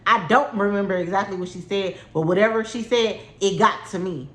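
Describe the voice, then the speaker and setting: A woman's voice: mid-range voice, a little fast. A young woman telling a story to camera in a casual, indignant, exasperated way. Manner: animated, indignant, exasperated, frequent "like". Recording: echoey room.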